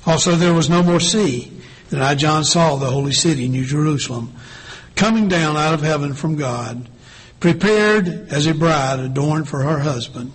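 Male pastor, husky slightly raised voice, slow measured sermon delivery. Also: on the high side, poor audio. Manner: slow, deliberate preaching with drawn-out pauses.

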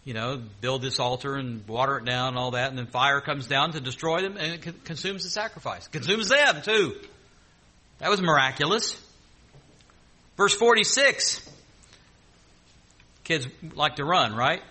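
Man preaching, very bright, husky, animated retelling with jokey asides. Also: mid-range voice, moderate pace, pauses often. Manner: lively, jokey asides between read verses. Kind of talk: sermon retelling scripture.

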